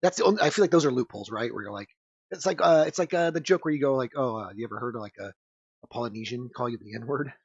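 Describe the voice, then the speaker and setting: Gravelly rambling man, lo-fi dry sound. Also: medium pitch, fast, no echo. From United States. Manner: rambling, swearing, frequent fillers. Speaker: podcast co-host. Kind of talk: casual crude banter.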